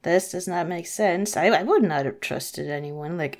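A woman's voice: lowish voice, moderate pace, few pauses, darkish tone. A woman casually reading a fairy tale aloud, sarcastic and hesitant, swearing and questioning the story's logic as she goes. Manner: hesitant, many fillers and restarts.

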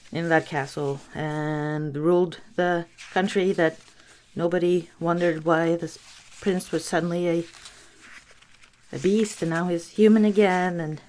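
A woman's voice: lowish voice, a little mellow, slight background noise. A young woman retelling a bedtime story casually, rambling and sarcastic with lots of fillers.

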